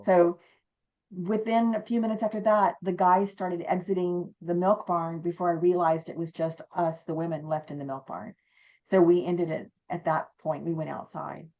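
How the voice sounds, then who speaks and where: A woman's voice: on the low side, moderate pace, dull audio. A woman who owns a haunted inn, telling stories in a casual interview and acting out the quotes. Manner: animated storyteller, acts out quotes. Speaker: haunted inn owner and guest.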